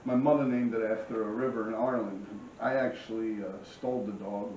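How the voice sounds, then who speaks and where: A man's voice: lowish voice, steady tone, brisk, a little mellow, slight background noise. A man in his forties with a New York accent, telling rambling, profane street stories in casual vlog talk from a small apartment. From New York City. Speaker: vlog host. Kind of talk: casual storytelling. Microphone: camera across the room. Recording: roomy, distant, dull sound.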